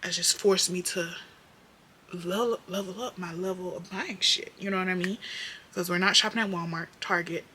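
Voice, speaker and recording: A young woman doing her makeup while chatting to her viewers, candid and profane, slipping from muttered whispers into loud bursts. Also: fairly low pitch, steady tone, moderate pace, slight background noise. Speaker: beauty vlogger.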